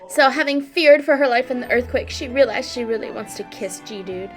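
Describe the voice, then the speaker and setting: A woman's voice: fairly high pitch, moderate pace, soft background music. A woman casually narrating a life-sim game with playful, sarcastic jokes. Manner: gets loud and excited. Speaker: let's play creator.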